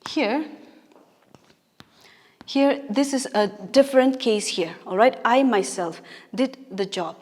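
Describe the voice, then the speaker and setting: A woman's voice: on the high side, slow pace, long pauses. A woman with a Naga English accent, teaching a grammar lesson patiently and often checking in with "all right?". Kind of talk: classroom lesson. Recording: reverberant room with long echo.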